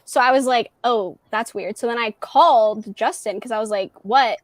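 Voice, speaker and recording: A slightly high-voiced woman chats on a livestream from her home, acting out the back-and-forth of a ghost story with plenty of "like". Her voice sounds close and dry. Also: normal speed, no echo. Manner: chatty, retells dialogue with lots of "like". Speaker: guest on a livestream. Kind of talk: casual storytelling chat. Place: at home in a townhouse.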